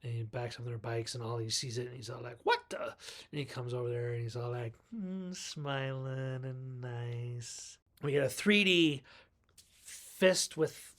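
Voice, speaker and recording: Male film reviewer, conversational recap voice, average pitch, playfully mimics characters. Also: unhurried, fairly bright tone. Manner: chatty storyteller, acts out characters' lines. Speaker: movie reviewer. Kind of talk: casual movie recap.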